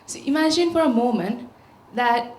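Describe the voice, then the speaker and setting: Sri woman speaker, slightly high voice, storytelling in an echoey hall, rhetorical questions. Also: lively intonation, normal speed, a little mellow. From Sri Lanka. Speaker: conference speaker. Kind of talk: public talk. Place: large auditorium. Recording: echoey auditorium sound.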